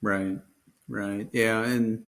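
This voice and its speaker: A man's voice: on the low side, steady tone, extremely slow, creaky, a bit bright. A man hosting a podcast interview, asking rambling questions full of restarts and "you know.". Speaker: podcast host. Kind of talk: conversational interview.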